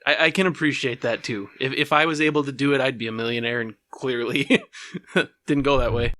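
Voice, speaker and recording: A man's voice: medium pitch, fairly even intonation, fairly quick, pushed and bright, no room sound. A man co-hosting a casual podcast, chiming in with wry, sarcastic jokes. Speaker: podcast co-host.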